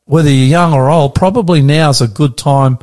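A man's voice: a little high, normal speed, a little mellow. A man with an Australian accent, a pastor hosting a radio show, talking in a chatty, self-deprecating way with frequent restarts. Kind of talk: casual radio chat.

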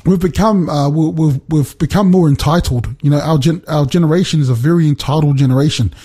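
Husky, mellow man explaining scripture. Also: a little high, brisk. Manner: explanatory, checks in with "right?" and "you know". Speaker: Bible teacher. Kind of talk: casual Bible discussion.

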